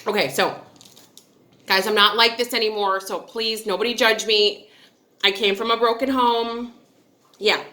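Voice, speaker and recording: This is a woman in her thirties, originally from upstate New York, who chats straight to her viewers. She tells a candid personal story that wanders off into asides as she goes. Her voice sits a little high and sounds bright and sharp. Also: steady tone, a little slow, long pauses. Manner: candid, chatty and digressive, with frequent asides. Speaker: vlogger. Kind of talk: casual storytelling.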